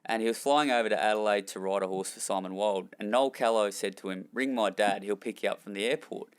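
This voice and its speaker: Guesting on a podcast interview, a young Australian former jockey and trainer tells candid, rambling stories at his own expense. His voice is on the low side, a little fast, with a clean tone.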